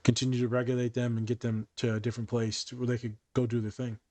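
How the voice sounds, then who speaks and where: On a dry recording, a man speaks fast at medium pitch while hosting an easygoing podcast chat. He draws on his work as a therapist for stories, animatedly acting out whatever dialogue he quotes.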